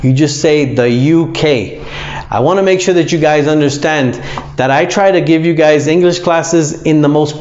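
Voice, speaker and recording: Man, English teacher, pronunciation drill, fairly high voice, repeats words slowly. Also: a little mellow, highs cut off. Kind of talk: pronunciation lesson.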